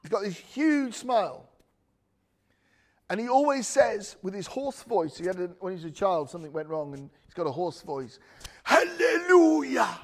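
A man's voice: sits high, moderate pace, darkish tone. A man preaching a chatty, joking sermon full of asides. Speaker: pastor.

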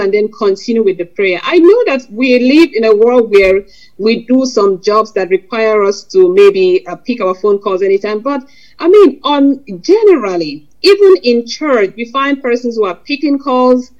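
A woman's voice: fairly high pitch, animated, normal speed, a little mellow. Woman preaching earnestly on lo-fi recording. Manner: earnest, conversational preaching with scripture quotes. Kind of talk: sermon. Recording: lo-fi dull sound.

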